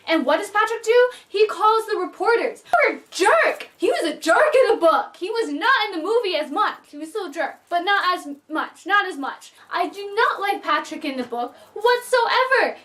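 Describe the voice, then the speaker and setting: High-voiced woman gushing in a vlog. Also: fairly bright tone, distant mic. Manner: chatty and gushing, emotional. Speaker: book and movie reviewer. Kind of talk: casual vlog review.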